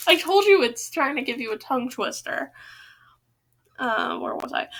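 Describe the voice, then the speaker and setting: A woman's voice: high-pitched, expressive, moderate pace, long pauses, a bit bright. A woman hosting a podcast, reading humorous children's poems aloud with chatty asides between them and stumbling over tongue twisters.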